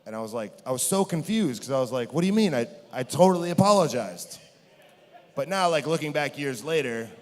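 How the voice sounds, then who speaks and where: A man telling a story from his career in a rambling, self-mocking way, with many restarts. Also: medium pitch. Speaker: guest. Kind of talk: storytelling on a podcast. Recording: long hall reverb.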